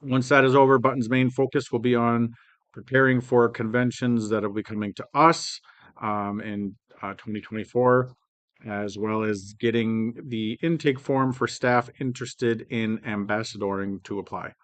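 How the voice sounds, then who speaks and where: A man hosting a staff planning meeting in a hotel room, reading department updates with frequent ums and pauses. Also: medium pitch, steady tone, no room sound. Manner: halting, reads updates aloud with many ums. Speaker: meeting host. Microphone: phone mic, sometimes held low.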